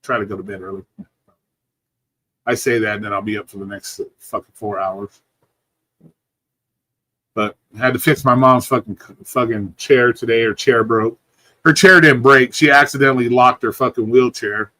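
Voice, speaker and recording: A man's voice: mid-range voice, fairly even intonation, normal speed, long pauses, pushed and bright, no echo. A man hosting a livestream, chatting casually from home in a rambling, profane, laid-back way, sounding sleepy. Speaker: livestream host. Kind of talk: casual chat.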